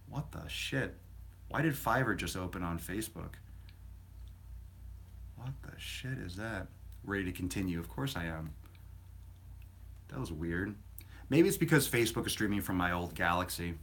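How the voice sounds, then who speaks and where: A man's voice: low-pitched, fairly bright tone. A man hosting a casual fitness live stream, rambling and answering viewer questions in a blunt, sometimes profane way. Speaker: fitness livestream host.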